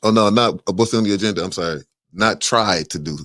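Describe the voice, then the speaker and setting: A man's voice: on the low side, a little fast, a bit bright, no echo, clean studio sound. A man co-hosting a casual community podcast, speaking emphatically and indignantly. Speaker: podcast co-host.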